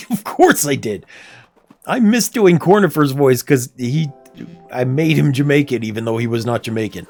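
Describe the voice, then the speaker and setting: A chatty streamer talks casually while playing, often talking to themself and laughing. The voice moves around a lot in pitch, giving it an animated feel. Quiet game music runs underneath. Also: moderate pace. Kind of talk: casual livestream chat while gaming.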